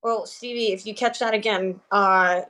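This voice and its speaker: A woman playing a tabletop game, chatting casually and relaxed. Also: medium pitch, moderate pace. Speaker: player.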